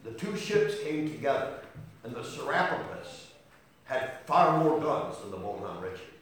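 A man preaching a sermon, telling a story with dramatic build-ups that rise to shouting. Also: medium pitch, big pitch swings, a little slow, recorded from a distance, slight background noise. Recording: echoey hall picked up from afar.

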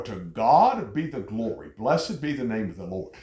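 A man preaching a sermon with an animated delivery, often jumping high in pitch as he acts out angry people. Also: normal speed, hardly any pauses. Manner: animated, jumps to high pitch when mocking others. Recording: echoey room.

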